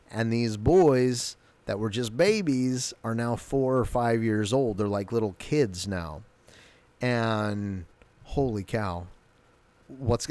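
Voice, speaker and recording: A man's voice: on the low side, a little mellow, no echo. A man giving a casual, rambling spoken recap of a TV episode, often correcting himself as he goes. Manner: rambling, self-correcting, acts out quotes.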